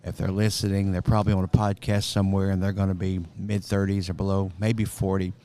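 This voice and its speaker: A man's voice: deep voice, monotone, fairly quick, mellow. A man hosting a church podcast, asking a long, thought-out question. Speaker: podcast host. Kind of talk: interview questions.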